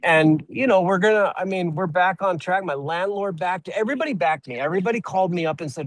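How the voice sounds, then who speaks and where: A man who owns an auto repair shop, speaking as a guest on a webinar and telling a story in a halting way, often repeating words as he starts a sentence. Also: sits high, expressive, no echo, low-quality recording. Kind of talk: conversational storytelling.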